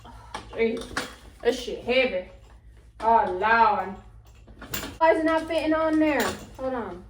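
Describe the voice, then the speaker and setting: A woman's voice: sits high, expressive, normal speed, slight background noise. A young woman, chatting casually while building something, blunt and swearing, a bit out of breath. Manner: blunt and chatty, swears freely, mutters to herself. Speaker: vlogger. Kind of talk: casual vlog, talking to camera while assembling. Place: room at home. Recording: echoey room, mic at a distance.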